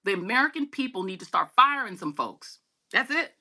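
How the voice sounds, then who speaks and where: Talking politics as a guest journalist, this middle-aged woman speaks briskly with a pushed, bright tone and big swings in pitch. Her delivery is emphatic and chatty, and she calls her listeners y'all.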